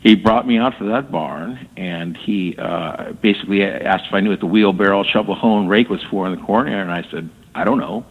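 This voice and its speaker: A man telling his story as a guest on a radio interview, halting and repeating words as he talks. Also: low voice, breathy edge. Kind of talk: casual storytelling. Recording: tinny phone line with long reverb.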